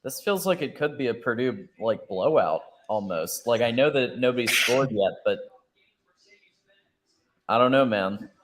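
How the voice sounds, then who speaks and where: A man co-hosting a livestream, giving excitable, emphatic takes on college football in casual chat. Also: mid-range voice, unhurried, noisy background. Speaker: co-host.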